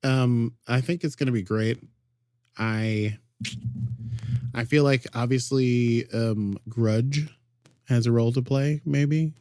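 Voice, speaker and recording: A man's voice: mid-range voice, slow pace, long pauses, warm tone, dry recording, studio quality. A man co-hosting a podcast, chatting playfully and enthusiastically about a TV episode. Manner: playful, enthusiastic fan banter. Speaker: podcast co-host. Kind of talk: casual chat about a TV episode.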